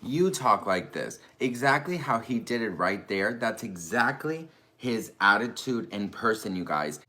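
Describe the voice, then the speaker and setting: A man's voice: lowish voice, lively intonation, a little slow, pushed and bright. A man making an indignant video, firing off rhetorical questions and repeating his points. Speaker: YouTuber defending himself.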